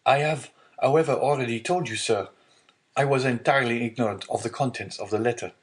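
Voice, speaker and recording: A man's voice: medium pitch, brisk, voice pushed up, lightly acted. A man voicing an honest, earnest young male sailor in an audiobook, sincere and eager.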